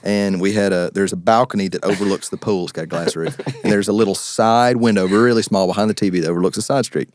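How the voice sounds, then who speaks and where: A young man, a podcast guest and actor, telling stories in an animated, casual way with frequent laughs and quick asides. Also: on the low side, no room sound, clean studio sound. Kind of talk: casual storytelling.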